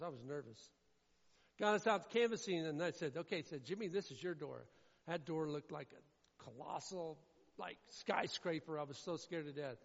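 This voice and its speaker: A man from Indiana preaching a sermon, emphatic and repetitive, swinging between loud declarations and hushed lines. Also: a little high. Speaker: pastor. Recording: echoey hall, dull lo-fi sound.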